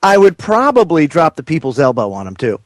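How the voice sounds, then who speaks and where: A male radio show host giving loud, joking, mocking live commentary into a studio mic. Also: on the high side, wildly swooping pitch, a little fast, dry recording.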